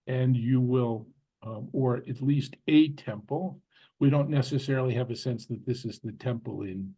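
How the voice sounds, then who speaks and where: A man's voice: medium pitch, darkish tone. A man lecturing on a Bible passage, explaining it step by step and often checking in with his listeners by asking "right?". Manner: explanatory, frequent "right?" check-ins, restarts. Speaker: Bible teacher. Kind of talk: lecture on scripture.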